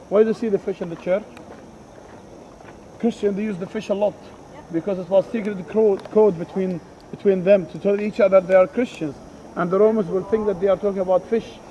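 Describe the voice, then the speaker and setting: High-voiced man guiding a tour. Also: warm tone, slight background noise. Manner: checks in with the group, asking "you see?". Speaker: tour guide. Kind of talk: explaining on a guided tour. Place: outdoors at ancient ruins.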